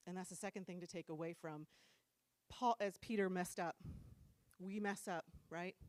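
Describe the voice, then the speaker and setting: Middle-aged woman preacher from New Jersey: chatty, animated, dry close sound. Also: fairly low pitch, moderate pace, no room sound. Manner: animated, self-deprecating, laughs often. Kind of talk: casual storytelling sermon. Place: church room.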